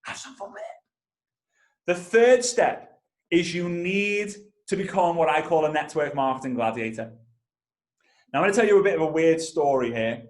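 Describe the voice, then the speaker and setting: In an echoey room, a man in his thirties who trains network marketers delivers lively storytelling, addressing his audience head-on. His voice runs fairly high at a normal speed.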